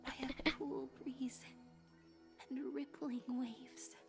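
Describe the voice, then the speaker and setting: A soft-spoken young woman saying goodbye. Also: high-pitched, flat delivery, music in the background, exaggerated voice. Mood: tender. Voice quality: soft, breathy whisper. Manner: slow, tender, earnest. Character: gentle young woman bidding a tender farewell. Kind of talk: game character dialogue.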